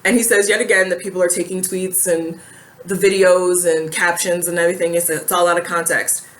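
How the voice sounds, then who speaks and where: A woman's voice: fairly low pitch, little pitch movement, a little fast. A woman giving casual reaction commentary in a sassy, blunt way, firing off rhetorical questions.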